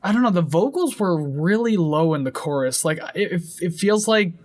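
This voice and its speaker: A man's voice: high-pitched, expressive, normal speed, darkish tone. A young man co-hosting a podcast, chatting casually about an album and rambling with lots of fillers and hedges. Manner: rambling, hedging with many fillers. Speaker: podcast co-host. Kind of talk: casual album review chat.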